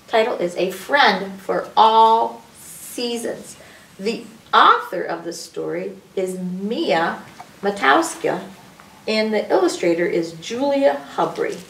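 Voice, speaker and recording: A woman's voice: a little high, creaky, fairly bright tone, a little hiss or hum. A woman hosting a children's story time, teaching alphabet rhymes and drawing out each letter's sound. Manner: sing-song, stretches out letter sounds. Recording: echoey room, picked up from a distance.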